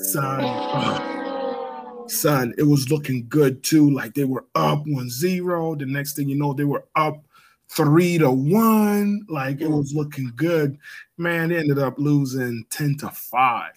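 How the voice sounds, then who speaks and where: A middle-aged man with a slightly high voice co-hosts a casual chat. He talks in a loose, slangy way and laughs often. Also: animated, slow, slightly rough. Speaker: podcast co-host.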